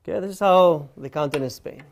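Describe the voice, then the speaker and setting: A man's voice: fairly high pitch, fairly quick, a little hiss or hum. A man giving a guitar lesson, explaining step by step and counting beats aloud over his own guitar playing. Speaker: guitar teacher.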